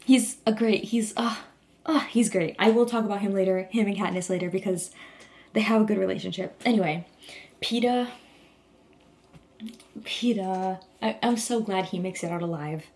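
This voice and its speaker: A woman's voice: medium pitch, moderate pace, pauses often, darkish tone. Gushing young woman rambling casually. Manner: gushing, rambling, heavy use of "like". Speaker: vlogger. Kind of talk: casual chat.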